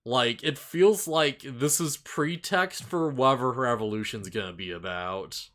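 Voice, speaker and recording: A man's voice: mid-range voice, unhurried, a bit bright. A man chatting casually as a co-host of an anime review show, rambling with lots of fillers and upbeat asides. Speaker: podcast co-host. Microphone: face cam with desk mic.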